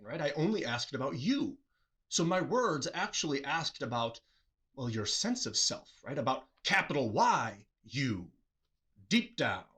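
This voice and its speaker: A man's voice: medium pitch, a bit bright, husky. Man, solo host, reflective talk, earnest, questioning, acts out quotes. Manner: earnest, asks the listener many questions, acts out quoted replies.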